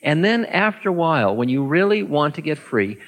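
A man's voice: fairly high pitch, sing-song, normal speed, poor audio. A man teaching meditation, answering an audience question in a talk and acting out inner thoughts in little voices.

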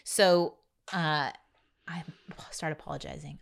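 A middle-aged woman co-hosting a podcast, chatting casually and telling animated stories in which she acts out the quotes. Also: deep voice, normal speed. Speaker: podcast co-host. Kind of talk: casual chat and storytelling.

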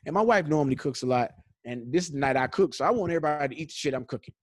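A man in a casual video-call chat, telling stories in an animated, profane way. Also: a little high, racing, no echo, studio quality.

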